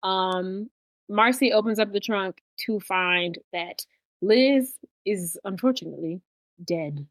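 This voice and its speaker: A woman co-hosts a podcast, recapping a film in casual conversation and performing the characters' lines with lots of animation. Her voice is medium in pitch and slow, with no room sound.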